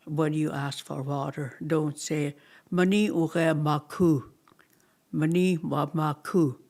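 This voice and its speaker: A language teacher leading a slow class, repeating each word many times with halting pauses and sometimes dropping to a near-whisper. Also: mid-range voice, a little mellow. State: dry mouth, thirsty.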